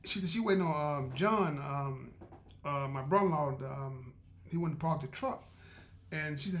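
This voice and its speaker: A man's voice: fairly high pitch, moderate pace, slight background noise. A man hosting a podcast, telling a story in a casual, chatty way, often laughing and acting out what people said.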